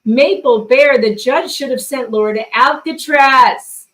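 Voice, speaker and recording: A woman's voice: high-pitched, a little slow, fairly bright tone, distant mic, rough recording. A woman co-hosting a casual livestream, reading viewer messages and joking around. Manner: joking, giggly, teasing. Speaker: livestream co-host. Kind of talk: casual livestream chat reading super chats. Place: hotel room.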